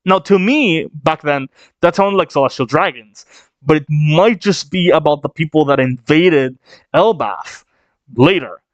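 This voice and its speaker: Chatty man reacting to a manga, slightly high voice. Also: measured pace, no room sound. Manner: animated, chatty, thinking out loud. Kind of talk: manga reading reaction and speculation.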